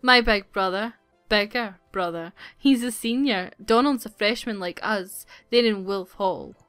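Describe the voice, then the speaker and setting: A woman's voice: mid-range voice, a little slow, a bit bright, clear, resonant tone, no room sound, faint music behind, lightly acted. A woman doing Virginia, a gushing teen girl. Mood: bubbly. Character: chatty bossy teen girl student.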